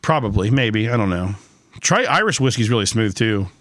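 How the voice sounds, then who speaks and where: A man's voice: lowish voice, expressive, normal speed, a bit bright, dry recording, clean studio sound. A man hosting a casual podcast chat. He is a little tipsy, and he talks in a rambling way with plenty of swearing. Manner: profane, rambling. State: slightly tipsy. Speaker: podcast host.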